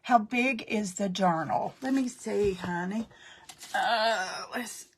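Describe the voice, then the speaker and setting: A woman's voice: mid-range voice, takes it slowly, slight background noise. Chatty woman hosting a craft live stream. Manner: chatty, greets viewers by name, many fillers and restarts. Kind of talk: casual live-stream chat while crafting.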